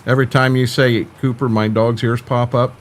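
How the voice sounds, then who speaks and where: A man's voice: medium pitch, little pitch movement, normal speed. An older man chatting casually on a live stream about farming games, laid-back and folksy, often stumbling and repeating words.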